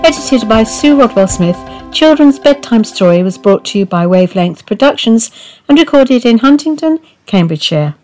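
A woman narrating a children's bedtime story in a gentle, expressive storytelling manner. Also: fairly high pitch, moderate pace, faint music behind.

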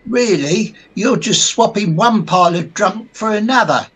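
A man doing a high husky cheeky sidekick, slow teasing delivery. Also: expressive, fairly bright tone, full character voice. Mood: joking. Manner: teasing, punning, giggly. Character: cheeky joking male sidekick Tom.

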